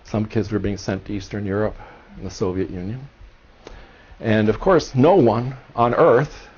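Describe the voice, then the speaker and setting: A man in his sixties from Cuba gives a seminar talk, his low voice carrying earnest, impassioned storytelling. The recording is dull and lo-fi, muffling the top end of his speech. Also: unhurried, darkish tone, slightly rough. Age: 60s. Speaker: historian and seminar speaker. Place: seminar room.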